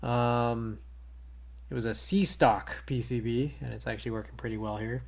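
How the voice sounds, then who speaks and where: A man's voice: medium pitch, fairly even intonation, normal speed, gravelly, a little mellow. A man streaming live, chatting casually with viewers while typing on a keyboard he built. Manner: laid-back, talks to chat while typing.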